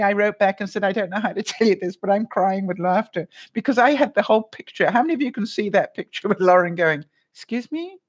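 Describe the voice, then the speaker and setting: A woman hosting a casual live stream, chatting with viewers, laughing often and acting out other people's lines. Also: mid-range voice. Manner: laughs often while telling a story; greets viewers in the live chat.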